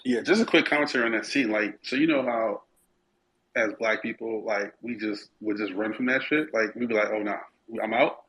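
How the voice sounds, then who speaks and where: A man co-hosting a podcast in casual chat, relaxed and slangy with some swearing. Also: on the low side, fairly quick, a little hiss or hum, rough recording.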